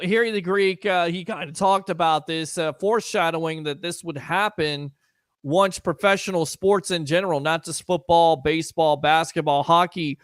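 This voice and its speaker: A man hosting a casual sports talk radio show, chatting fast and taking phone calls. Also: fairly high pitch, a bit bright, clear, resonant tone, dry recording.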